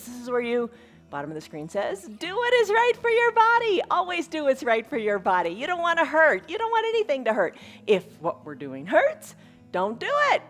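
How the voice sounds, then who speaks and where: A woman teaching a live online yoga class, encouraging and upbeat, with laughs between her cues. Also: on the high side. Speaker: yoga instructor.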